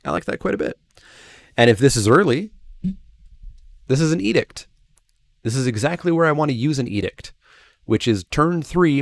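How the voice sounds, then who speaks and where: A man's voice: medium pitch, creaky, no echo. A man hosting a channel, reading game card text aloud and then musing over each one with hedging asides in casual review commentary.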